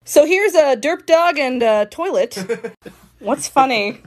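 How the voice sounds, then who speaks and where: A woman's voice: sits high, expressive, slow. A woman hosting a casual drawing video, chatting in a playful, giggly, self-mocking way. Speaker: artist and video host.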